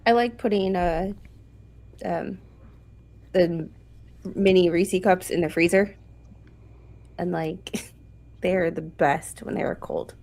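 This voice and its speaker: A woman's voice: on the low side, takes it slowly, long pauses, darkish tone. A woman talking bluntly and joking at her own expense in a casual group chat over a video call. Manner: blunt, self-deprecating, chatty.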